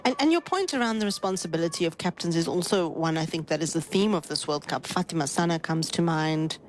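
A woman giving expert cricket analysis, measured and thoughtful, making her points with statistics. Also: low voice, a little hiss or hum. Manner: thoughtful, measured, explains with stats. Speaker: cricket pundit.

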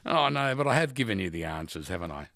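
Brief: chatty male radio host, very lively pitch, dry close studio sound. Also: fast talker, creaky, no room sound. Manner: animated, chatty, laughs often. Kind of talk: casual radio quiz chat.

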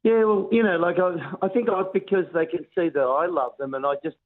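A man's voice: sits high, animated, brisk. Man calling in over a tinny phone. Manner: rambling, heartfelt, with fillers and repeats. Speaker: caller. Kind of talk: phone-in story.

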